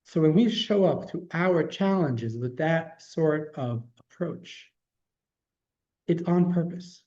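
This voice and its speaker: A man teaches a religious class as its rabbi, telling stories in a loose, conversational way and often restarting his sentences. His voice sits a little high but sounds dark and mellow. The recording is dull and lo-fi. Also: expressive, takes it slowly. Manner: conversational storytelling with frequent restarts. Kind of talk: storytelling lesson.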